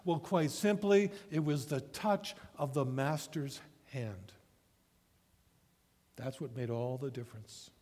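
A man pastor reading scripture and preaching a sermon, telling a story in a measured way and asking rhetorical questions. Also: medium pitch, mellow. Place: church sanctuary. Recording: long church hall reverb.

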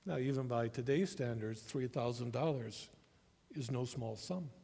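A man pastor reading scripture and preaching a sermon, telling a story in a measured way and asking rhetorical questions. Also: medium pitch, gravelly, dark tone, husky. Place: church sanctuary. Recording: long church hall reverb.

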